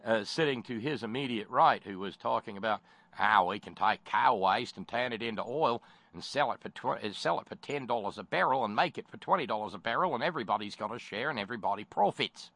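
A man's voice: medium pitch, gravelly, a bit bright, dry recording. A man giving sardonic spoken commentary, mocking and rambling with many fillers and false starts.

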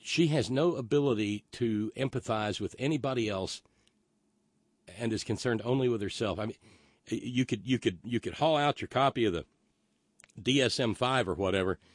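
This live stream host reacts to chat messages in a casual monologue, opinionated and rambling, often stammering and starting over. His mid-range voice moves at a moderate pace, captured in a dry, clean studio recording.

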